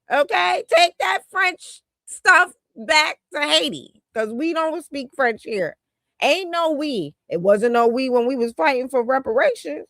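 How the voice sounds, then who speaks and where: A woman gives heated, scornful commentary, sassy and colloquial. Her voice sits high and swings widely in pitch. The sound is dry and close. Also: a bit bright, no room sound. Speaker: commentator on a political talk stream.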